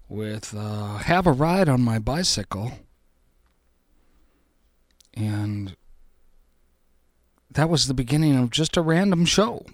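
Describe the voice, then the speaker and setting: A man hosts a music show from his basement studio, drifting from one thought to the next in an easy, playful way. His pace is unhurried and his pitch sits in a middle range. The sound is close and dry, with almost no room echo. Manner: rambling, playful and loose. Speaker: radio show host. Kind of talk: casual radio chat between songs. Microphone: studio microphone.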